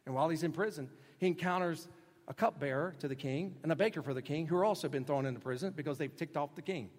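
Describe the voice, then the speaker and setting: Man preaching in an echoing hall. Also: fast talker. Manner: conversational, shifts between loud emphasis and soft low asides. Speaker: pastor. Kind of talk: sermon. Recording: long reverb of a large hall.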